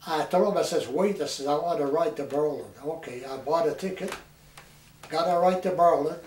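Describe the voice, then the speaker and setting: A man in his eighties from New Hampshire, a war veteran telling his story in a plain, halting way with restarts. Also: a little high, darkish tone. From New Hampshire, USA. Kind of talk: oral history recollection. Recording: echoey room, mic far off, some noise.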